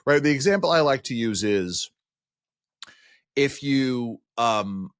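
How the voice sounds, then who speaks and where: A man's voice: mid-range voice, no echo, studio quality. A man with a New York accent hosting a podcast interview, asking long, rambling questions full of fillers. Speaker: podcast host.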